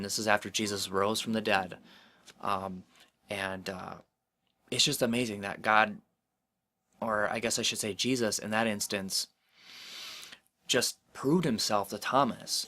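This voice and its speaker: A man's voice: lowish voice, pushed and bright. A man giving a casual devotional talk to camera, rambling with many fillers and sounding earnest and encouraging. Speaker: Christian vlogger.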